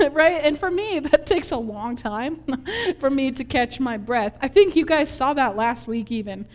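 A woman from Minnesota preaches in a chatty, animated way, laughing as she acts out scenes from her childhood. Her voice sits high. Long reverb from a large hall hangs behind her. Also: a little slow. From Minnesota, USA. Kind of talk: conversational sermon with personal story.

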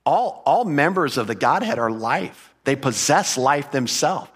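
A man's voice: mid-range voice, lively intonation, a little slow, fairly bright tone, slightly rough. A man preaching an expository sermon, explaining Greek grammar and repeating key phrases for emphasis. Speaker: pastor.

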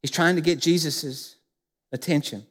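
A man with a high-pitched voice delivers a sermon as pastor to his congregation. He speaks emphatically and keeps asking the church to look closely and notice. His words echo through a long church reverb. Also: moderate pace, fairly bright tone. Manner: emphatic, addresses the church directly with questions. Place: church sanctuary.

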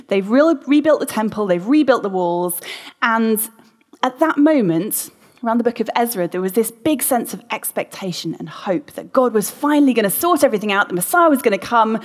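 A woman preaching a sermon in a conversational way, asking the congregation questions as she goes. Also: mid-range voice. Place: church hall. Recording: long hall reverb.

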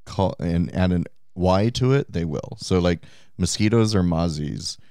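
A man's voice: low-pitched, unhurried, clean tone, no room sound, clean studio sound. A man co-hosting a podcast in casual chat, telling stories and laughing often. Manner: laughs often, lively storytelling. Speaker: podcast co-host.

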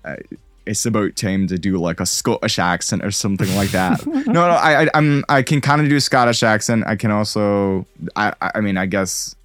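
A man in casual podcast chat, halting and restarting his words, quick to laugh. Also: fairly low pitch, lively intonation, fairly bright tone, dry recording.

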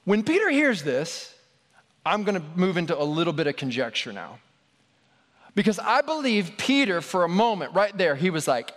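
A man's voice: high voice, very animated, normal speed, a bit bright. A man preaching a sermon in a conversational, storytelling way with casual asides, in a large hall. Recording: long hall reverb.

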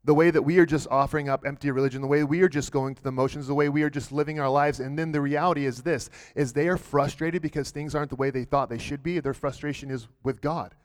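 Talking fast with few pauses, this man has a slightly high, steady voice as he delivers a church sermon. The pastor speaks earnestly and directly, frequently starting over and repeating words to build toward his point.

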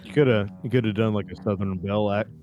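A man's voice: lowish voice, a little mellow, dull audio, faint music behind. Teasing co-host man in casual banter. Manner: joking, teasing, halting. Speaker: podcast co-host.

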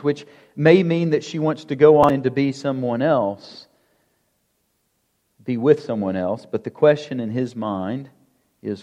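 A pastor preaching a sermon in a conversational way, asking the congregation rhetorical questions. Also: male voice, mid-range voice, mellow. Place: church sanctuary. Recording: long church hall reverb.

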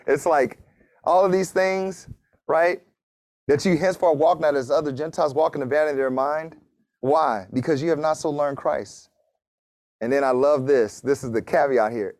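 A man's voice: a little high, normal speed, darkish tone, no echo, studio quality. A man preaching a casual sermon, reading scripture and joking with his congregation. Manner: casual, joking preaching with laughs and acted asides. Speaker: pastor.

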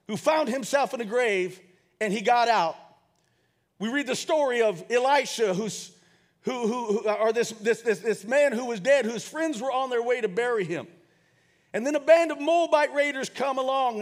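A man preaching a sermon, leading the congregation in call and response and rising to shouts as he tells a story. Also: very high voice. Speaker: pastor.

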